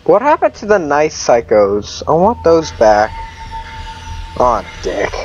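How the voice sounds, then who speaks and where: A man commentating a horror game, jumpy and swinging from muttering to panicked yelling, his voice cracking from screaming. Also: on the high side, huge pitch swings, slow pace, highs cut off. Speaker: let's play gamer.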